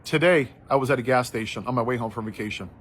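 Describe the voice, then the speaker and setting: A man giving impassioned social commentary, telling a story and then building to forceful outrage. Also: medium pitch, fast talker, husky.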